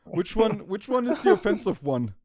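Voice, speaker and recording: A man's voice: high voice, big pitch swings, moderate pace, darkish tone. A man in casual stream chat, teasing a friend and stammering at the start of his lines. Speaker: stream co-host.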